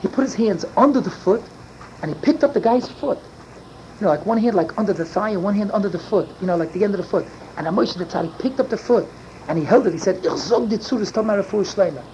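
An older man telling a rambling story at a fast clip, often rising into emphatic near-yelling. His speech is peppered with Yiddish and Hebrew words. The recording is dull and lo-fi, with loud background noise. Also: high voice, animated. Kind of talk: animated storytelling.

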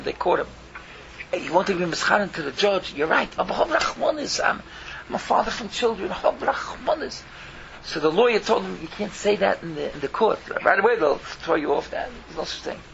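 A man giving an impassioned sermon, with a gravelly voice, swinging from loud bursts to hushed pleading. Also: high-pitched. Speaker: rabbi giving a talk. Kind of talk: animated Yiddish-laced sermon. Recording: slightly dull sound with faint noise.

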